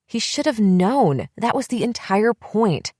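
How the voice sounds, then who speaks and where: In a dry, clean studio recording with the voice pushed up, a woman reads an audiobook part for a desperate young woman begging her sister. Her mid-range voice is sing-song and a little slow, moving from pleading and wheedling up to yelling.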